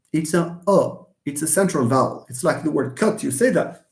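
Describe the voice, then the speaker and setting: A man's voice: a little high, lively intonation, normal speed, reverberant. A middle-aged man with a Moroccan accent teaching English pronunciation in a live online lesson, often repeating words and sounding them out for students.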